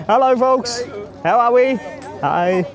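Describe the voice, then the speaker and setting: A man's voice: extremely high pitch, lively intonation, slow pace. A man giving a chatty, rambling walking-tour vlog outdoors by a stadium, filming on a handheld camera or phone and greeting passers-by. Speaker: travel vlogger.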